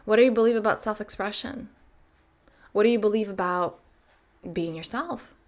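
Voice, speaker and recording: A woman in her thirties speaking as a self-help coach in a motivational talk. Her voice sits at a medium pitch, and her delivery is emphatic. She keeps pressing the listener with rhetorical questions. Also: normal speed.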